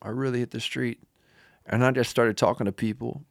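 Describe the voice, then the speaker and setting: A man's voice: medium pitch, fairly even intonation, a little fast, creaky, no room sound, studio quality. A young male preacher telling a personal story in a loose, casual way with many fillers.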